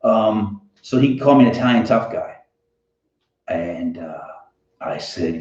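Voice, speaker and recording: Lively Boston-accented man telling a rambling story. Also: lowish voice, unhurried, pauses often. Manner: rambling, animated, self-interrupting. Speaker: host of a fantasy football show. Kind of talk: casual storytelling monologue. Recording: roomy, dull lo-fi sound.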